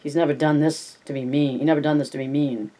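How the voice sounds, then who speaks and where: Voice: mid-range voice, fairly even intonation, dark tone, natural voice. George, a reader doing a weary pleading ranch man. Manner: speaking weakly and slowly. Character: weary grieving ranch man, protective friend.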